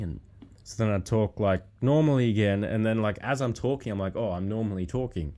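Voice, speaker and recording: A relaxed man with a fairly low voice, drifting through casual chat as a podcast guest. He rambles along easily and swears freely, his words piling onto each other. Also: fast talker. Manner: laid-back, rambling, heavy swearing.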